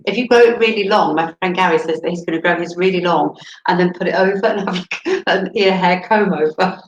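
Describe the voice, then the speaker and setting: A woman guest chatting on a video call through a laptop mic, relaxed and giggly. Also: fairly low pitch, a little fast. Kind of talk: casual chat on a video call. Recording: dull, roomy laptop mic.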